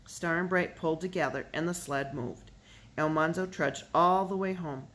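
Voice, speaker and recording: Steady audiobook reader. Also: medium pitch. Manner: steady narration, lifting the voice for dialogue. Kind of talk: reading a children's novel aloud.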